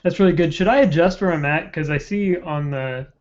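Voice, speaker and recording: A man's voice: on the high side, fairly quick. Eager rambling man on a lo-fi stream. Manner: rambling and eager, trails off mid-thought. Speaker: host of a political web show. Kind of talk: casual chat on a live stream. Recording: dull lo-fi live-stream audio.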